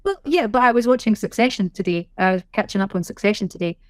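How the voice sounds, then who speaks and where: A middle-aged woman with a Scottish accent talks freely in a podcast interview, spinning anecdotes with a wry, self-deprecating touch. Her voice sits at an ordinary pitch for a woman and comes through close and dry, with no room sound around it. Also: fast, no echo. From Scotland. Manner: chatty, self-deprecating, animated storyteller. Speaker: guest, sign language interpreter. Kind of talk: casual interview chat.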